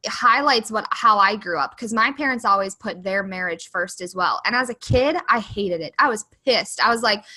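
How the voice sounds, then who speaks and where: A woman hosting a podcast, with a bright, forward voice. She talks emphatically, stacking her points in repeated list-like phrases. Her tone stays casual and conversational throughout. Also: medium pitch, moderate pace, hardly any pauses, rough recording. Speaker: podcast host.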